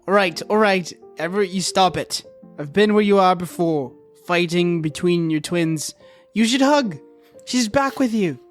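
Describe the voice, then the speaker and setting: A man playing a tabletop role-playing game, playful and quick to laugh. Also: sits high, faint music behind. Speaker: player.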